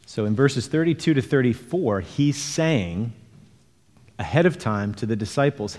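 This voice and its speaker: A man's voice: mid-range voice, animated, unhurried, a little mellow, in a large hall. A male pastor preaching an earnest expository sermon, explaining scripture verse by verse to his congregation.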